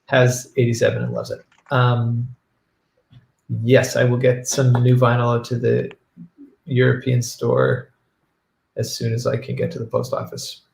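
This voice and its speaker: Gravelly man chatting casually. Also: medium pitch, a little slow, reverberant. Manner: relaxed, reads viewer questions aloud. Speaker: band member hosting a livestream. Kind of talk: casual livestream chat.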